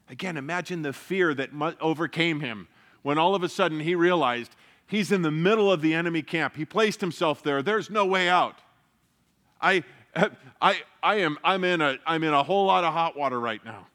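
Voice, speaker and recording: A man preaching a sermon in an earnest way, dropping to a hush for emphasis and rising when he stresses a point. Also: a little high, normal speed. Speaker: pastor.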